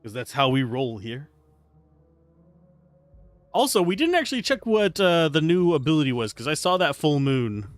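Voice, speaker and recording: A man's voice: fairly high pitch, no room sound. A man casually commentating his game on a live stream, chatty and joking as he plays. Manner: animated, chatty, jokey asides. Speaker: streamer playing a video game.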